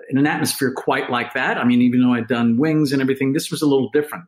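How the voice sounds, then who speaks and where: A middle-aged man in a relaxed interview, telling rambling stories with self-mocking asides. His pitch sits in a plain middle range, and he jumps between quick bursts and slow, drawn-out phrases. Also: low-quality recording. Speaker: actor guest. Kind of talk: casual interview chat.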